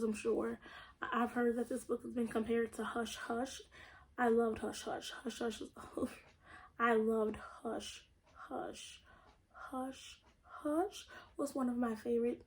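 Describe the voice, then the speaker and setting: A woman's voice: on the high side, darkish tone, poor audio. A young woman vlogger chatting casually and bluntly about her books, with the odd swear word. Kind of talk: casual book haul vlog.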